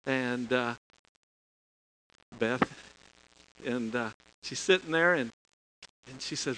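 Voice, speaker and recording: A man's voice: medium pitch, slow, long pauses, pushed and bright, slight background noise, poor audio. A middle-aged man preaching a storytelling sermon in a folksy way, chuckling and restarting phrases. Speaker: pastor.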